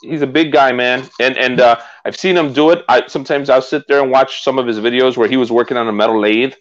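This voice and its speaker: A man's voice: mid-range voice, fairly even intonation, fast talker. Chatty man on muffled phone audio. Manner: chatty, laughs often, restarts a lot. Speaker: live stream co-host. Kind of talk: casual chat. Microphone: phone used as camera.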